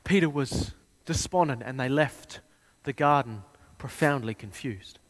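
A man preaching a sermon, retelling a scene with dramatic swings between hushed and loud delivery. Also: mid-range voice, unhurried.

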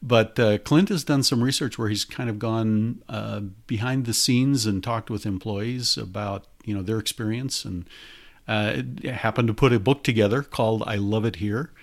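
A man's voice: lowish voice, moderate pace. An older man hosting a podcast in casual chat, with a chatty, hesitant manner. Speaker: podcast host.

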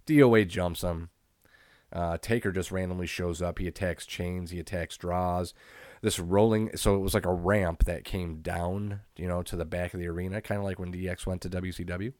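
A man's voice: deep voice, steady tone, moderate pace, darkish tone, dry recording, clean studio sound. A man co-hosting a podcast, recapping old wrestling shows in a laid-back, profane way and laughing often. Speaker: podcast co-host. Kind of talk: casual wrestling recap chat.

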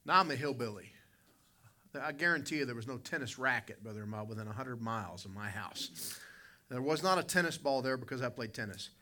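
A man's voice: medium pitch, animated, brisk, bright, forceful tone. A male pastor, preaching a sermon with folksy, dramatic storytelling and calling out to people in the congregation. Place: church conference hall.

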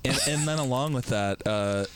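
A man's voice: mid-range voice, normal speed, a little hiss or hum. Jokey man riffing on a podcast. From Michigan. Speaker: podcast co-host. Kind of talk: casual podcast banter. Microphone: remote recording software.

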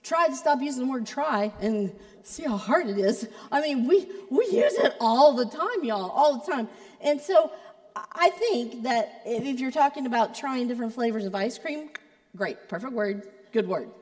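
A woman's voice: high-pitched, lively intonation, moderate pace, darkish tone, big-room sound. A woman pastor giving a sermon in a conversational, playful way, with joking asides to the congregation. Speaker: creative arts pastor.

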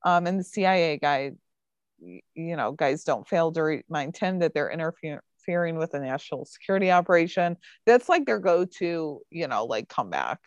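A woman's voice: low-pitched, sing-song, a little fast, no echo, dull audio. A woman casually recapping a TV episode for a podcast, chatty and full of fillers.

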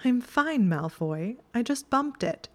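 A woman's voice: a little high, sing-song, slow, voice pushed up. A woman voicing a clever, bookish young witch in a fan fiction reading, prim and matter-of-fact. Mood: exasperated.

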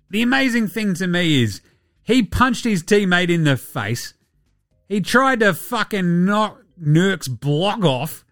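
A man's voice: high voice, fairly bright tone, no room sound, studio quality. An Australian man hosting a basketball podcast, ranting in exasperation with heavy swearing and mockery. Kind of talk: ranting commentary.

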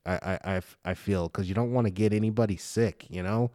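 A man's voice: fairly low pitch, brisk, no echo, clean studio sound. Profane, stammering man telling stories. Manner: swears constantly, animated storytelling; stammers and restarts often. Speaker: guest telling personal stories; father of a young daughter. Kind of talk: casual profane chat.

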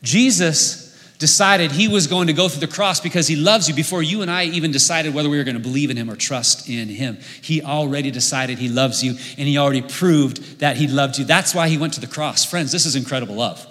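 A man's voice: fairly high pitch, a little fast. Preacher man in a reverberant hall. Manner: storytelling, swings between loud emphasis and hushed asides. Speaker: pastor. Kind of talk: sermon.

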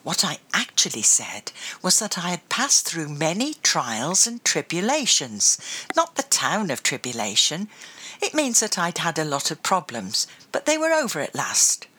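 A woman's voice: deep voice, wildly swooping pitch, measured pace, pushed and bright, husky, full character voice. A woman doing a hearty seafaring grandma. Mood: explaining. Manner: exclaiming, hearty, laughing. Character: spirited jolly grandmother, sailor.

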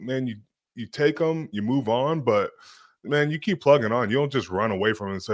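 A man co-hosting a casual podcast, talking in a relaxed, laughing way. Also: mid-range voice, moderate pace, no room sound, clean studio sound. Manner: relaxed, laughing, animated storytelling. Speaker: podcast co-host, football player. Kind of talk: casual chat.

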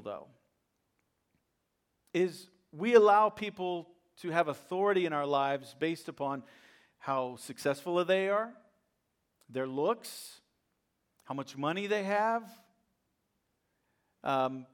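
A middle-aged American pastor preaching a sermon, swinging from loud rhetorical questions down to quiet asides. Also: male voice, fairly high pitch, lively intonation, takes it slowly, pauses often.

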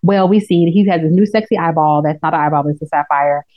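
Fast-talking woman, animated recap host. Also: sits low. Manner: animated storytelling, acts out characters in quotes. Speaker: podcast co-host. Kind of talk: casual recap chat. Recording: dull lo-fi audio.

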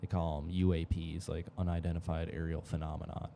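A young man with a very deep, gravelly and dark voice chats on a podcast. He rambles, leans on fillers and swears now and then. A faint hum sits behind him. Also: little pitch movement, a little fast. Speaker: podcast co-host. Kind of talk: casual chat.

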